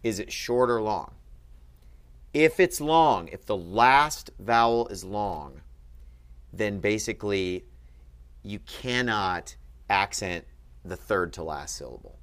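A man's voice: fairly low pitch, lively intonation, takes it slowly, long pauses, a bit bright, clear, resonant tone. A man teaching at a board in a room, explaining patiently and checking in with frequent "okay?".

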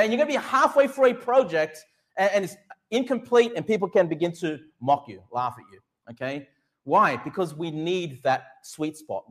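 A middle-aged pastor preaching a sermon. He is emphatic, asks the congregation questions and answers them himself, and slows right down to stress Bible verses. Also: sits high. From Australia.

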